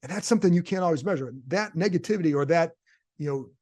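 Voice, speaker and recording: A man with a fairly high, darkish-toned voice speaks at a quick pace. He's a sports reporter on his own podcast, working through his opinions in relaxed solo commentary and fielding his own rhetorical questions.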